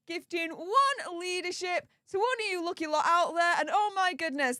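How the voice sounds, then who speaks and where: A woman's voice: very high-pitched, a bit bright, dry recording, clean studio sound. A woman with a Yorkshire accent hosting a casual livestream, bubbly and effusive as she greets viewers one after another. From England. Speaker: livestream host. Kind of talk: casual livestream chat with viewer shout-outs.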